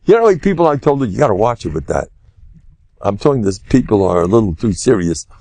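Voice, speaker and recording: An older man, a rabbi, giving a humorous Torah lecture full of animated storytelling. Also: on the low side, fast talker, no echo. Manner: animated, humorous storyteller who loudly acts out quotes.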